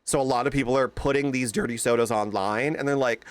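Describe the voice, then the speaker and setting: A young man streaming, chatting casually with his viewers, telling animated stories and greeting them by name. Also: mid-range voice, fast talker.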